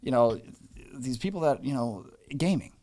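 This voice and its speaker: A man's voice: medium pitch, expressive, moderate pace, a little mellow. A man hosting a casual podcast, rambling with lots of fillers and jokes. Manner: rambling, filler-heavy, jokey. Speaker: podcast host.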